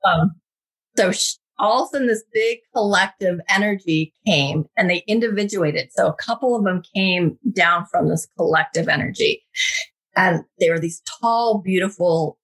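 A woman on a podcast telling a personal story in a casual, animated way, acting out the quotes. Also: normal speed. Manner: animated, acts out quotes with big pitch jumps. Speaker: guest, intuitive reader.

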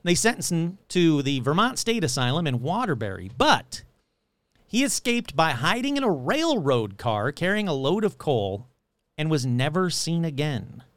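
Animated, joking male storyteller. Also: fairly high pitch, no room sound. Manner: animated, jokey, quick asides. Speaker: host. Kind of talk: casual paranormal storytelling.

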